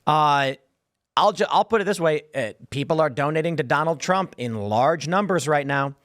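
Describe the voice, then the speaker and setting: A man's voice: on the high side, expressive, moderate pace, a bit bright, no echo, studio quality. A man hosting a political talk show, explaining his views earnestly in long runs, with frequent restarts. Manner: earnest, lecturing, many restarts. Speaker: host.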